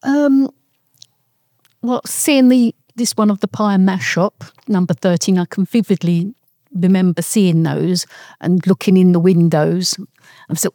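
Older woman, low and mellow, telling family memories in halting, meandering stretches. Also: dry recording, studio quality. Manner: rambling, halting storyteller. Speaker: interviewee. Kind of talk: oral history reminiscence.

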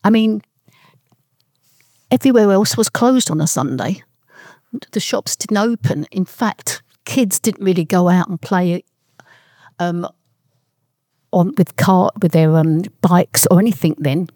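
An older woman recalling her East End childhood in a rambling, halting way. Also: fairly low pitch, dark tone, no echo, clean studio sound. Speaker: interviewee. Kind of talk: oral history reminiscence.

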